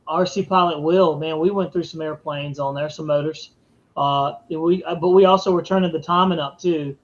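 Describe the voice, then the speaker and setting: Male podcast host, high voice, casual and laid-back, dull lo-fi stream sound. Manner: laid-back, drawn-out "dude" and "man", reads viewer comments aloud. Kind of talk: casual live-stream chat.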